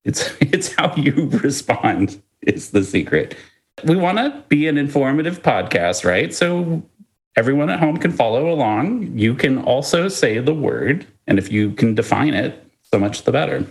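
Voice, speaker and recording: A podcast co-host with a mid-range voice chats casually and tells stories at an unhurried pace. He's playful and lively, chuckling along the way.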